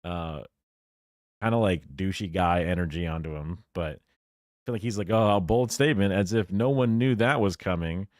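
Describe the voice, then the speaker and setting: A man's voice: low voice, moderate pace, dry recording, clean studio sound. A man streaming, reacting to a clip with casual, opinionated commentary and lots of fillers. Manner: musing, opinionated, many fillers.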